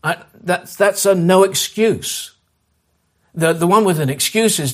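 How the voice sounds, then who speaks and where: A man preaching a sermon as a pastor, earnest and direct, repeating key phrases and urging listeners, who drops to a soft, slow voice when leading prayer. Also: sits high.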